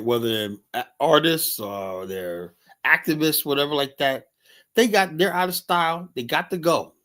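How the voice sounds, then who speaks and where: A man's voice: medium pitch, a bit bright. A man hosting a show, ranting with blunt, profane anger in a mid-range voice. He leans on "you know" between every point. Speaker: host. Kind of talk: casual ranting commentary.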